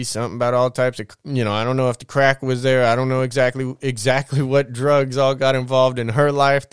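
Man from Southern California, casual rambling storyteller, smooth clear voice, mid pitch, dry close mic. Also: no room sound. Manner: rambling, loose slang with many fillers. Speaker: podcast host telling his life story.

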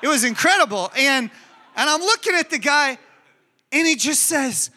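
A man with a notably high voice preaching a sermon. His tone is very bright and sharp, and he tells his stories in an animated, chatty, emphatic way. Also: moderate pace. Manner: animated storytelling, conversational and emphatic. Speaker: pastor.

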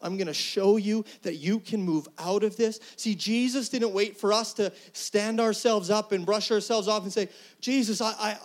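A middle-aged man, a pastor, preaching an earnest, conversational sermon that swings between soft, hushed lines and loud, emphatic ones. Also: high voice, normal speed, few pauses.

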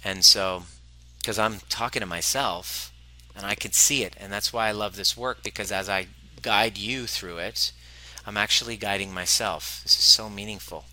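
Male podcast host and coach, earnest storyteller, lowish voice with a very bright, forceful edge. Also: normal speed. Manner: earnest, acts out client dialogue. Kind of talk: personal storytelling monologue.

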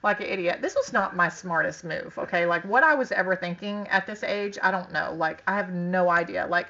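A woman on a podcast telling a story in a casual, animated way, laughing often and acting out what people said. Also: fairly low pitch, fairly quick. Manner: animated, laughing, frequent "like", acts out quotes. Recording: dull lo-fi sound.

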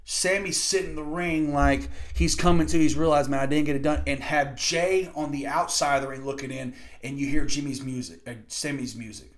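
A man giving a casual, excitable and profane play-by-play review of a wrestling event. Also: on the high side, moderate pace, few pauses. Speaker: wrestling podcast host.

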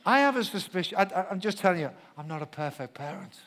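A middle-aged man preaching a sermon as a pastor, animated, swinging between loud acted-out shouts and soft asides. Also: high-pitched, quick pace. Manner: animated storyteller, shouts when acting out quotes, drops to soft asides. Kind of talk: sermon with personal story.

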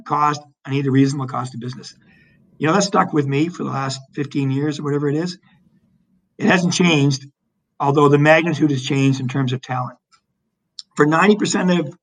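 On a rough recording, a man with a voice on the high side talks as an interview guest; he leads economic development work. His storytelling is lively and conversational, packed with restarts and fillers.

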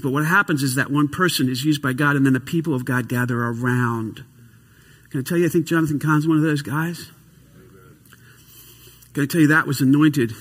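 A tired man preaching a sermon to a congregation in a church, swinging between loud emphasis and quiet asides. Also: sits high, breathy edge, long reverb tail. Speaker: pastor.

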